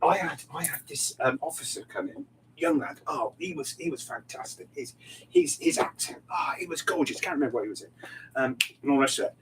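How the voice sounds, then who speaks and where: A man, a barber hosting a livestream, chatting in an animated, excitable way, laughing often and swearing casually. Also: fairly high pitch, brisk. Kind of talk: casual chat. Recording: distant mic with faint background noise.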